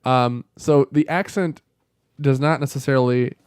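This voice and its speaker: A young man co-hosting a casual chat, swearing freely and getting worked up into rants that turn to shouting. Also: medium pitch, measured pace, clear, resonant tone, dry recording, studio quality. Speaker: podcast co-host.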